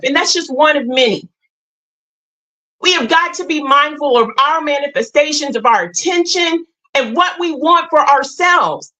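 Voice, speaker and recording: A woman's voice: high-pitched, normal speed, sharp tone, rough recording. A woman hosting a livestream, giving an impassioned, blunt and preachy spiritual talk to her viewers. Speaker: livestream host.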